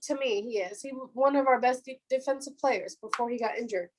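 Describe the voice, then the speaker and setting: A woman's voice: on the high side, a little fast, low-quality recording. Chatty young woman talking football. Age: 20s. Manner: chatty, animated, laughs often; fan of the team, says "our defense". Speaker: podcast co-host. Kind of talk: casual sports chat.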